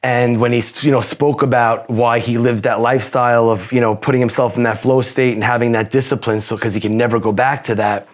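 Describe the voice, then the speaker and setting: A man's voice: mid-range voice, fairly even intonation, brisk, hardly any pauses. A man casually telling his life story as a guest, swearing a lot and saying "you know" constantly. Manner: profane, rambling, peppered with "you know". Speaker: podcast guest.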